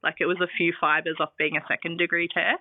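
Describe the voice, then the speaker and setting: This fairly quick, level-toned woman from Australia has a fairly low pitch and is recounting her birth story on a casual podcast. As the guest, she chats along with plenty of fillers such as "um" and "like," recorded dry and phone-like without echo.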